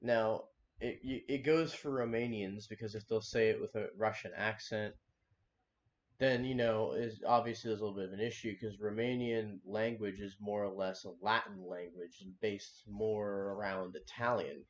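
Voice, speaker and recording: A man talks through a live stream reaction in a loose, rambling way, full of fillers and self-corrections. His voice sits a little low. The mic sounds dull and lo-fi, with a faint hiss behind him. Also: steady tone, moderate pace. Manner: rambling, lots of fillers and restarts. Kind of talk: casual live-stream commentary.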